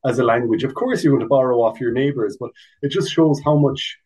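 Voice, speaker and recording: A man's voice: medium pitch, a little fast, darkish tone, low-quality recording. A man, a guest in a casual interview, talking in a chatty, explanatory way full of restarts and asides. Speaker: guest, Irish language officer.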